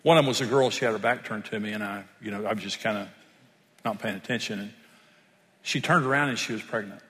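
A man's voice: fairly low pitch, fast, fairly bright tone, in a large hall. An older man, preaching a sermon and telling stories in an earnest manner. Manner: storytelling, earnest, rises when stressing points. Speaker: pastor.

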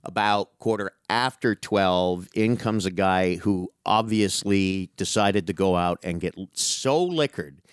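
Middle-aged guy, lowish voice, dry close mic, animated profane storyteller. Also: measured pace, few pauses, clear, resonant tone, no room sound. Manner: animated, profane, calls listener dude. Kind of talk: casual storytelling chat.

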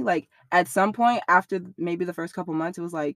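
A young woman in an interview, telling a personal story in a blunt, profane, animated way. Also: fairly low pitch, a little fast, no room sound, studio quality.

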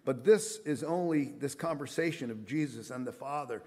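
A man's voice: mid-range voice, normal speed, darkish tone. Earnest man preaching a sermon. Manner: earnest preaching with frequent fillers and restarts. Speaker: pastor.

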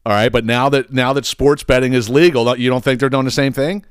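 A man's voice: mid-range voice, a little fast, clear, resonant tone, no echo, clean studio sound. A man hosting a podcast, ranting profanely in a casual style and often stumbling over repeated words. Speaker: podcast host.

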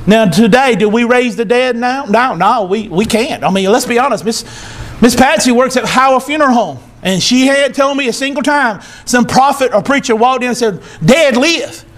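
A male pastor preaching a sermon in church, emphatic and teary, repeating short phrases and building to shouts. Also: very high voice, moderate pace. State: teary, emotional.

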